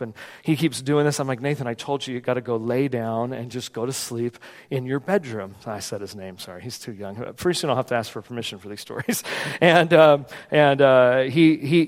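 Male pastor preaching in a reverberant hall. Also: mid-range voice. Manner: conversational, animated storytelling. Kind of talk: sermon with a personal story. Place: church sanctuary.

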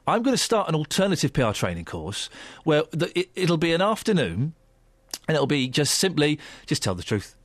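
A man's voice: fairly high pitch, very animated, normal speed, no room sound. A man hosting a breakfast radio show, chatty, teasing and sarcastic. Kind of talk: casual banter on radio. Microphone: studio microphone.

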